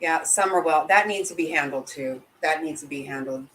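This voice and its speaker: A woman's voice: deep voice, moderate pace, a bit bright, slight background noise, poor audio. A woman hosting a casual livestream, answering chat bluntly and indignantly, swearing freely. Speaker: livestream host reading chat.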